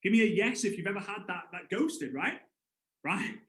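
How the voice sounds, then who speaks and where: A man's voice: high-pitched, normal speed, reverberant, rough recording. A man in his thirties giving a live motivational sales training, telling stories energetically and acting out voices. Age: 30s. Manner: energetic storyteller, acts out voices with big jumps. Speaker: network marketing trainer.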